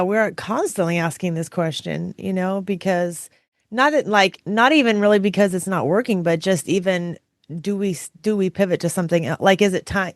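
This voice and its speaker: A woman co-hosting a business podcast in a slightly hoarse, raspy voice, talking in a rambling way and often correcting herself. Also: on the low side, no room sound, studio quality. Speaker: podcast co-host. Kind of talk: casual podcast chat.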